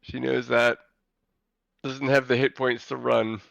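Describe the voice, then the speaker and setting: A man runs a tabletop game, calling turns and rulings briskly. His voice is gravelly with a bright edge. The sound is close and dry. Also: medium pitch, flat delivery, dry recording. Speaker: game master. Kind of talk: running a tabletop game online.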